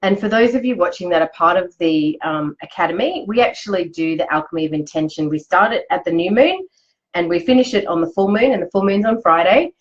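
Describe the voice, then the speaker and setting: A woman's voice: fairly low pitch, expressive, fairly quick, dull audio. A woman, hosting a chatty, upbeat live motivational talk. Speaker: host. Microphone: live video stream.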